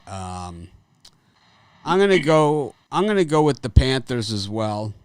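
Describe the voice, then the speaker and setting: A man's voice: mid-range voice, animated, unhurried, clean tone, no room sound. A man hosting a live sports betting show, talking bluntly and casually with frequent restarts and some swearing. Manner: blunt, profane, rambling with restarts.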